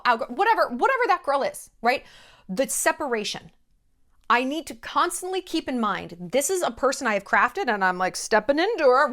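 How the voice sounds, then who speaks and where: Speaking directly to the camera, this female vlog host has a fairly high, somewhat bright voice that swoops widely up and down. Her delivery is blunt, emphatic and freely profane, with each point driven in through punchy repetition.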